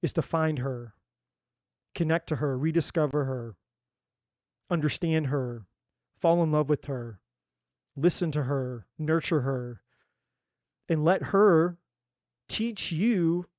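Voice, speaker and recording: A man's voice: fairly high pitch, takes it slowly, long pauses, darkish tone, no echo, muffled recording. A man giving a live tarot reading, talking emphatically in a repetitive style and swearing casually. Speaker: tarot reader. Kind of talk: live-stream spiritual talk.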